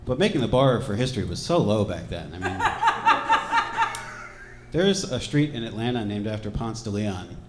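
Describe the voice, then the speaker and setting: A man from Georgia doing a stand-up set, wry and deadpan, with throwaway asides. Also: on the low side, moderate pace, pauses often, heavy background noise. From Georgia, USA. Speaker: stand-up comedian. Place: comedy club stage. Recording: echoey club with loud crowd laughter. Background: audience laughing.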